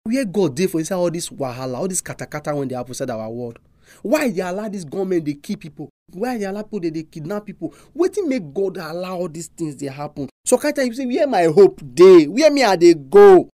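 A preacher with a Nigerian accent delivering a sermon, full of animated, emphatic rhetorical questions. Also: medium pitch, quick pace, no room sound.

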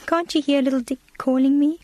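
A woman's voice: high-pitched, a little fast, no room sound, pitched above the performer's own voice, natural voice. A woman voicing a brave, eager little girl who pleads and exclaims in a storybook reading. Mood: eager pleading. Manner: pleading, excited.

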